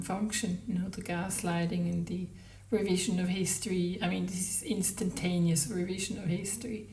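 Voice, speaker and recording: A woman reading a novel aloud in measured narration, then commenting on it haltingly as a book podcaster. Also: medium pitch, darkish tone, far from the mic, slight background noise. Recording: roomy, from the mic.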